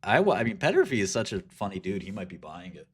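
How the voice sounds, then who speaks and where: Casting: man as a stock streamer, casual rambling talk, husky and lively. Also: lowish voice, quick pace. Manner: rambling, irreverent, jokey. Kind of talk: casual live-stream commentary.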